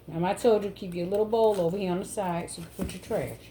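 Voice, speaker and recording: A home cook vlogger chats casually with her viewers, calling them "y'all" and "baby." Her mid-range voice holds a steady tone and moves quickly, while loud noise fills the background.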